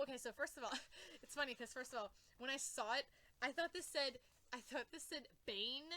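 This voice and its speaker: A woman comic vlogger recaps a story in a loose, rambling chat, swearing freely and acting out her reactions. Her voice sits high and swings widely in pitch. The sound is bright and dry. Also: animated, moderate pace, no room sound.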